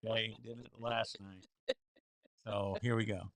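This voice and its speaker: A man's voice: on the low side, flat delivery, unhurried, a bit bright, no room sound. A man co-hosting a casual couples livestream, chatty and talking straight to his viewers. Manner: chatty, addresses viewers as folks.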